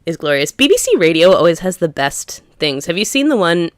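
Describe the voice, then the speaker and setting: Woman, podcast co-host, casual chat, lower voice, dry close sound. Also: very animated, a little fast, dry recording. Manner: chatty, lots of "like" fillers, laughs often.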